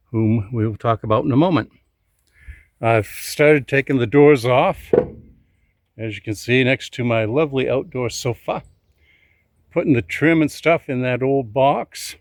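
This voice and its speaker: Standing outdoors in his driveway, a man who restores cars as a hobby and hosts a channel gives a casual update on his projects with dry, wry humor. His voice is medium-pitched and the recording is dry.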